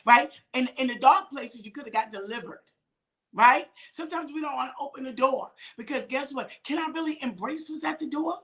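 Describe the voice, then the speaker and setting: High-voiced woman preaching emphatically. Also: a little fast. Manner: emphatic, questioning, bursts into loud shouts. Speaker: minister and show host. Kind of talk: preaching talk show.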